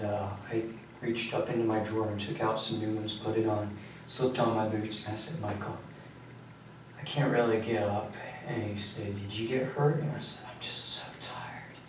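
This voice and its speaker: A young man in his twenties, an inmate recounting events in a flat, matter-of-fact way during a prison interview. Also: on the low side, moderate pace. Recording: very echoey room, distant mic, faint hum.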